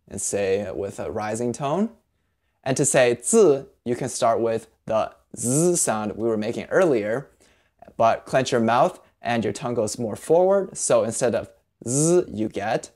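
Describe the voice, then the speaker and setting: A language teacher giving a video lesson, patient, spelling sounds out slowly and carefully. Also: medium pitch, lively intonation, a little mellow.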